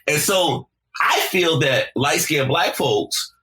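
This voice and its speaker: A man guesting on a podcast, telling stories in a casual, animated, profane way and repeating words as he starts his sentences. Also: fairly high pitch, unhurried. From South Carolina. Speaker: podcast guest, deejay and emcee. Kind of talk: casual conversational storytelling.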